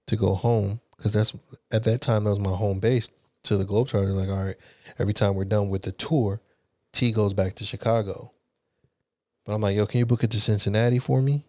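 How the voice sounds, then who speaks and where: A young man with a fairly low voice tells a personal story in a casual podcast chat. He talks candidly and with animation, using frank language. The sound is dry and close to the mic. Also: a little mellow, no room sound. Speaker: podcast guest.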